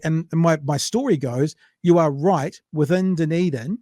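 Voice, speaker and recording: A man's voice: fairly high pitch, a little slow, mellow, no room sound, studio quality. A man with a New Zealand accent, co-hosting a podcast and telling rambling, anecdotal stories, sometimes with swearing. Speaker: podcast co-host. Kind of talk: casual chat.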